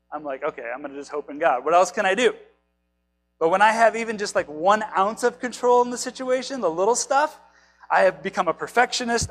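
A man's voice: high-pitched, fairly bright tone, low-quality recording. A man in his thirties or forties, probably, preaching a casual, chatty sermon, joking about himself and asking his listeners questions. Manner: chatty, self-deprecating, asks the listeners questions. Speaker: pastor.

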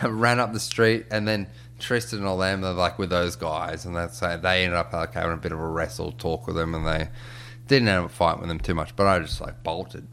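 Man, very low voice, swearing, laughing, animated storyteller. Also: a little fast, slight background noise. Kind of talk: casual chat.

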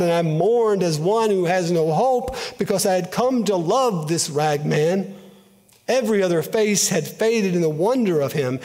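Man reading a story aloud with feeling, kinda high voice, long echo like a big hall. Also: darkish tone. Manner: earnest, emotive, measured.

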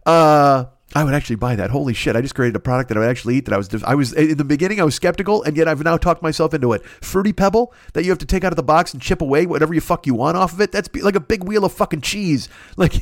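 A man's voice: fairly high pitch, quick pace, hardly any pauses, no room sound, clean studio sound. A middle-aged man on a podcast, rambling through a crude, profane comedic rant and laughing at his own jokes. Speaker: podcast host.

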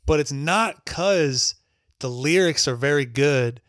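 A man's voice: fairly high pitch, takes it slowly, a bit bright, no echo, studio quality. A man co-hosting a podcast, giving blunt, profanity-laced album ratings in casual chat and teasing his co-hosts. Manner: blunt, swears freely, teasing. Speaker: podcast co-host.

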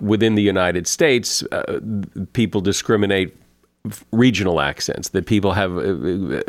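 A man's voice: on the low side, no echo, clean studio sound. A male podcast host asking questions in a conversational way, with some hesitation as he searches for words. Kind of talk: interview questions.

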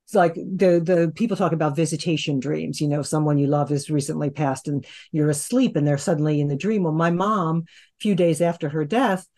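A woman's voice: low-pitched, steady tone, fairly quick, warm tone. Rambling woman telling a personal story. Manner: rambling, with restarts and "you know". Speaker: guest hypnotherapist. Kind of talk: casual conversational storytelling.

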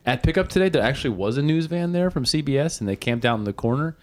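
Lively podcast host man. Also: mid-range voice. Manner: animated, quick gasps and laughs. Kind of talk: casual podcast chat.

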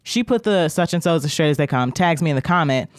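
Profane, animated young woman telling a story. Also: deep voice, quick pace, dry recording, studio quality. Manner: animated, profane, acts out quotes. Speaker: podcast guest. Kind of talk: casual storytelling chat.

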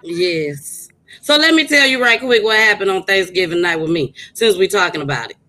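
Bright, forceful woman co-host, loud and animated, swears a lot. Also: medium pitch, normal speed, rough recording. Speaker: podcast co-host. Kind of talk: casual chat and storytelling.

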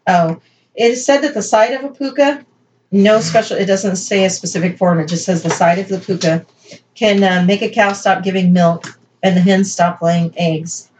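A woman's voice: mid-range voice, fairly even intonation, normal speed, a little mellow, slight background noise, rough recording. A woman co-hosting a casual podcast, reading folklore notes aloud with chatty asides and playful emphasis. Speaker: podcast co-host.

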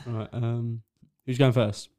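A man's voice: mid-range voice, fairly even intonation, extremely slow, mellow. A man co-hosting a casual podcast, giggling a lot and giving short, puzzled replies. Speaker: podcast co-host. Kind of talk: casual chat.

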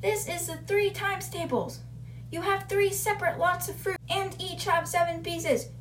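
A woman's voice: high-pitched, expressive, moderate pace, reverberant, slight background noise. A woman voicing a bullying, furious headmistress who barks insults and demands at children. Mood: angry, bullying.

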